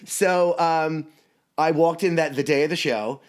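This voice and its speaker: A man's voice: fairly high pitch, measured pace. A man from Staten Island, a guest on a podcast, chatting in a playful, campy way and laughing often. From Staten Island, New York. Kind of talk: casual chat.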